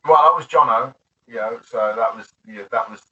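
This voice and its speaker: A man's voice: mid-range voice, a little fast, pushed and bright, slightly rough. A man being interviewed about his bartending years, chatty and laughing often, with many restarts. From United Kingdom. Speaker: interview guest, former bartender. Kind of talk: casual interview. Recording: distant, dull lo-fi audio.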